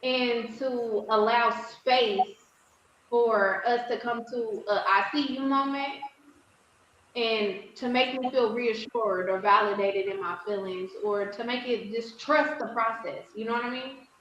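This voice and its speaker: A woman telling a personal story in casual conversation, animated and full of fillers, quoting the people she talked to. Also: a little high, measured pace. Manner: animated, many fillers, quotes others. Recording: echoey room, dull sound, faint noise.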